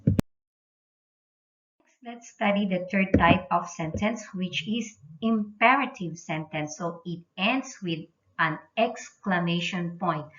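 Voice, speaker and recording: Woman teacher, slow and patient, somewhat low voice, dull echoey room sound. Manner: explains patiently, repeats key points. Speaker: English teacher. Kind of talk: classroom grammar lesson. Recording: dull roomy recording.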